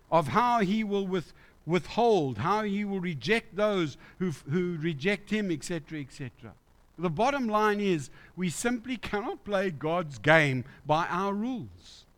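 Lively preaching man, slightly high voice. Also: a little slow. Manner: conversational, lively, asks the congregation questions. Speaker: pastor. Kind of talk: sermon. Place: church.

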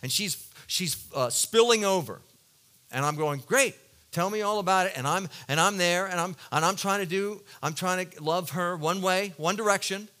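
A male pastor preaches with a bright, ringing tone, sitting a little higher than most men. He tells a personal story earnestly and confessionally, pushing into loud emphatic bursts and then dropping into soft, low stretches. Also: moderate pace. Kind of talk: sermon.

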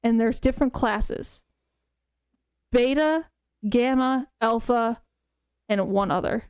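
A young woman co-hosting a podcast, chatting excitedly about books with lots of "um" and "like". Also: a little high, takes it slowly, smooth, no room sound, clean studio sound. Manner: chatty, excitable, many fillers like "um" and "like". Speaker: podcast co-host. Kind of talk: casual chat about books.

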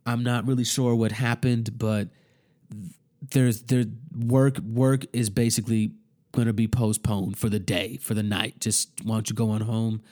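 A man voicing a flustered woman HR manager who talks haltingly, with ums and restarts, in a lower, softer voice. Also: little pitch movement, natural voice.

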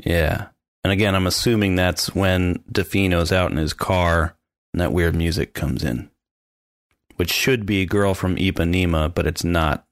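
A man co-hosting a podcast in casual chat, animated and mimicking sounds as he describes scenes. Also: low-pitched, unhurried, no echo, studio quality. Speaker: podcast co-host.

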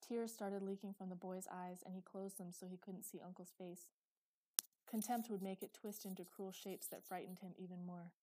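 A woman reading scripted fantasy narration in a steady, measured way. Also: on the low side, noisy background. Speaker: audiobook narrator.

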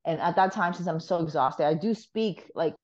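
A woman with a notably low voice tells a story as a podcast guest, animated and quick to swear and laugh. The recording sounds slightly muffled. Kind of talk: casual storytelling.

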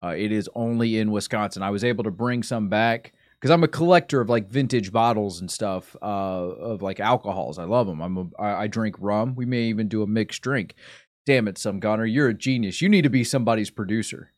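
A man's voice: on the low side, a little fast, no echo, studio quality. A man streaming a casual chat, rambling and often sidetracked, interrupting himself as he talks.

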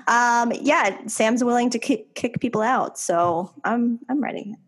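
A woman's voice: fairly high pitch, a little slow. A woman co-hosting a podcast, chatting casually, teasing and laughing often. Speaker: podcast co-host. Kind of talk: casual chat.

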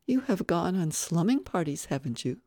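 Reader doing a firm, sarcastic female ghost, mellow tone, storybook. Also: medium pitch, very animated, normal speed, no echo, studio quality. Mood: cool. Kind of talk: audiobook reading.

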